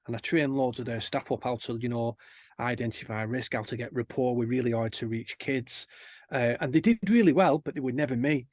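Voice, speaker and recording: A man, an energetic guest in an interview, telling stories and acting out the people he quotes. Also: mid-range voice, a little fast, no room sound, clean studio sound. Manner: energetic storyteller who acts out quoted people. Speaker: guest, kindness campaigner. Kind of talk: animated interview chat.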